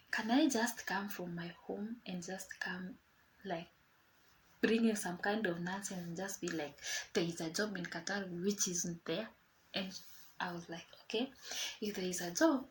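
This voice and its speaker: A woman's voice: medium pitch, a little hiss or hum, low-quality recording. Chatty young woman telling a story. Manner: chatty, animated retelling with quoted dialogue. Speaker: vlogger. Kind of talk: casual storytime.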